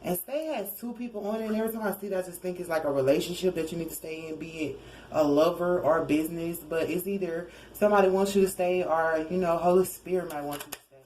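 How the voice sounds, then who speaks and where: Low-voiced woman doing a chatty tarot reading. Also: fast talker, a little mellow, slight background noise, low-quality recording. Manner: rambling, self-correcting, chuckling asides. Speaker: tarot card reader. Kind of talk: casual spoken tarot reading.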